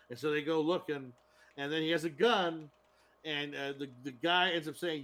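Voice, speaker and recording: A man's voice: a little high, normal speed, sharp tone. A man in casual podcast chat, rambling and cursing as he retells a TV episode. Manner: rambling, profane, laughs while retelling. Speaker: podcast co-host.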